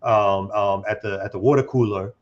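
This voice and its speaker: A man's voice: on the low side, fairly even intonation, normal speed. A man co-hosting a casual talk show, speaking in a loose, slangy way with frequent restarts and asides. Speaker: co-host. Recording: dull lo-fi sound.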